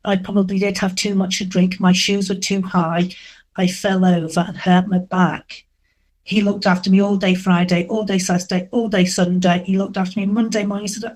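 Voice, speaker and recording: A middle-aged woman telling candid dating stories in an interview, animated and acting out what people said. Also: medium pitch, moderate pace, low-quality recording. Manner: candid, animated, acts out quoted dialogue. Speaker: interview guest. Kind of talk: frank storytelling.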